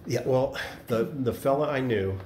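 A man's voice: medium pitch, normal speed, a little hiss or hum. Chatty man leading a roomy Bible study. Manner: chatty, animated storyteller. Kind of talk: casual group chat with anecdotes. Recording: echoey room.

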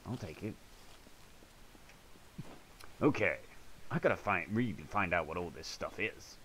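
A man's voice: sits low, expressive, a little slow, pauses often, fairly bright tone, a little hiss or hum. A man swearing and joking his way through a video game. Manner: sweary, jokey running commentary. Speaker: gamer. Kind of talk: let's play commentary.

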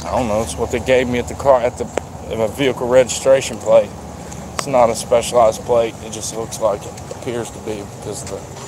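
A man's voice: medium pitch, flat delivery, brisk. Guy vlogging on his phone outside at a dealership, rambly and folksy, cars and street noise all around. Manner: rambling, folksy, drops mild swears. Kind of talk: casual walkaround vlog. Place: outdoors at a car dealership lot. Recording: outdoor traffic noise behind.

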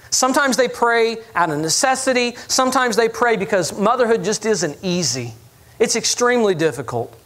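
A pastor preaching a sermon. He tells his stories with self-deprecating humor and keeps turning to the congregation with quick asides. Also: high-pitched, a bit bright. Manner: storytelling with audience asides.

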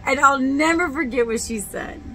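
This is a casual faith testimony from a middle-aged Texan woman whose high voice comes across pushed and bright at a moderate pace. Her delivery is candid and chatty, with plenty of fillers and restarts. Poor audio carries a little hiss or hum.

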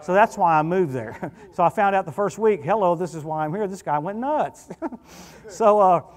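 A middle-aged man preaching as a guest minister, telling stories in an animated, conversational way. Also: sits high, moderate pace. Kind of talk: sermon. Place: church sanctuary. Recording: church hall reverb.

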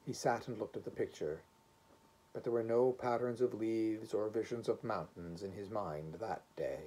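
A man reading a short story aloud in an expressive, measured storytelling manner. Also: on the low side, slightly rough, low-quality recording. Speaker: reader. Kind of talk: audiobook narration of a short story.

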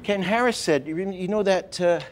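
An older man teaching animation, telling stories in a lively way and acting out example lines, with many restarts. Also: sits high, moderate pace, a faint crowd. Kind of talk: lecture with acted-out examples.

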